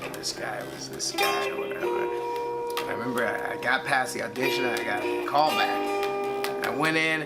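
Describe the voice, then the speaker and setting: A man telling a casual anecdote in a rambling, halting way. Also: medium pitch, over loud music. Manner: rambling, halting, lots of fillers.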